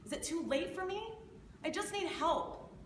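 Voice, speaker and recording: Woman doing a sad thirty-ish waitress pouring her heart out, bright voice, roomy hall sound from afar. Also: very high-pitched, lively intonation, moderate pace, a little hiss or hum. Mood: despairing. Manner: pleading, tearful confession. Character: despairing 30-year-old waitress, unhappily married. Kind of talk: live stage monologue. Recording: echoey hall from far off.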